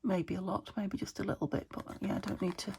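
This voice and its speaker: A woman's voice: mid-range voice, little pitch movement, fast talker, gravelly, darkish tone, slight background noise. A woman from the UK chatting casually to herself while crafting at home, often dropping to a whisper. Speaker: craft vlogger. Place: home craft room by a window.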